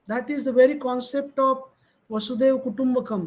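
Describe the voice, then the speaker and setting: Indian english guy lecturing students, high voice, leans hard on words, plays with tone. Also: fairly even intonation, fairly quick, low-quality recording. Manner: emphatic, varies tone to demonstrate stress. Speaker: college lecturer.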